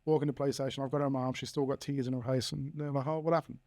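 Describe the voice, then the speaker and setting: Rattling along at a rapid-fire clip, this thirty-something Australian man has a warm, medium-pitched voice with a level tone. He's a podcast guest sharing a candid personal story bluntly, cursing freely and performing the lines of quoted dialogue.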